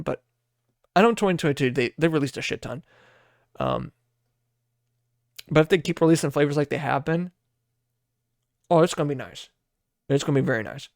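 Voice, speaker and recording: A man's voice: mid-range voice, no room sound, studio quality. A man from the Midwest hosting a podcast, rambling casually, swearing freely and laughing at himself. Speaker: podcast host.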